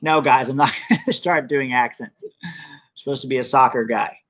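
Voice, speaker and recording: A man's voice: mid-range voice, normal speed, fairly bright tone, no echo. A young American man hosting a soccer channel live stream, chatting casually and answering viewer comments. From United States.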